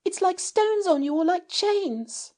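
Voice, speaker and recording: A man voicing a timid, fretful young girl in a storybook reading, pitched far up. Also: lively intonation, takes it slowly, a little mellow, heavily acted. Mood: plaintive.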